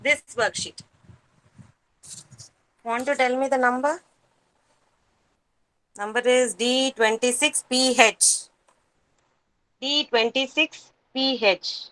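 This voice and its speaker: A woman teaching a kindergarten class over a video call, patient and slow, repeating each word for the children. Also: sits high, fairly bright tone, no echo.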